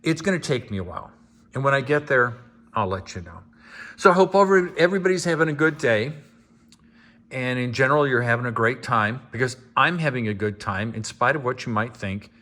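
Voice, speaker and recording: A man speaking at an ordinary middle pitch. He talks in a deadpan, mock-sincere way, laying the sarcasm on thick as he addresses viewers in a one-man vlog. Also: brisk. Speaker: homeowner vlogger. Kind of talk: sarcastic monologue to camera.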